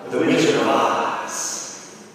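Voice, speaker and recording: A man's voice: extremely slow, a bit bright, distant mic. Man speaking in an echoey hall. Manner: storytelling, quizzing the audience. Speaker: keynote speaker. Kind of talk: motivational speech to students. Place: large hall.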